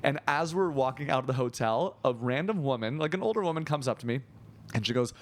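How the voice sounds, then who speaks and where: A man's voice: medium pitch, quick pace. A young man in a casual interview, telling an anecdote and acting out the voices of the people in it. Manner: animated, acts out the voices of people in his story. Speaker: guest, content creator.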